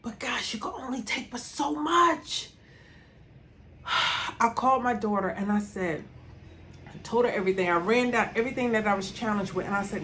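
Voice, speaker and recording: A woman's voice: on the high side, normal speed, pauses often, fairly bright tone, a little hiss or hum. A middle-aged woman telling a personal story as a motivational vlogger, talking from a room at home and repeating words for emphasis.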